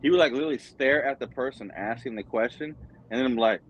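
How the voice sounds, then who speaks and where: A man's voice: mid-range voice, fast talker, low-quality recording. A man hosting a pop-culture stream, rambling in casual chat with lots of fillers and crude slang over an online voice chat.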